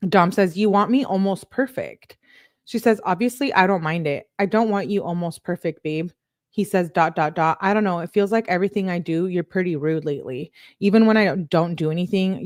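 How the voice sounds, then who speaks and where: A woman with a fairly low voice reads a run of text messages aloud, one after another. She keeps the reading plain, then slips into loose, conversational comments of her own. The sound is dry and close, with no room around it. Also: darkish tone, no echo. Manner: plain reading with casual asides, says "like" often. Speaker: true crime channel host.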